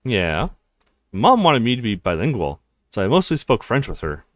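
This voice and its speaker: A relaxed, sociable young law student from a visual novel who makes small talk easily, voiced by a man. His voice moves up and down widely and is recorded dry and close. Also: on the low side, moderate pace, no echo. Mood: friendly. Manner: friendly and chatty.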